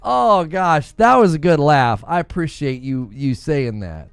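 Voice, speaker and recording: A man's voice: on the high side, animated, unhurried, vocal fry, clear, resonant tone, no echo, soft background music. A man hosting a gaming livestream in a casual, chatty way, laughing often and talking to his viewers. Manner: laughs often, talks to chat.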